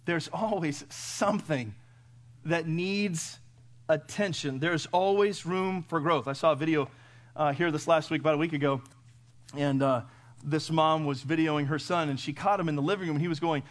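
A middle-aged man preaching a sermon in a folksy way, firing off rhetorical questions and swinging from loud to hushed. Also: a little high, fairly even intonation, fairly quick. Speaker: pastor.

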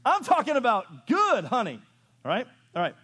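A man preaching a sermon, moving from loud rising questions to low quiet asides. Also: wildly swooping pitch, unhurried, breathy edge. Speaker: pastor. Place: church sanctuary.

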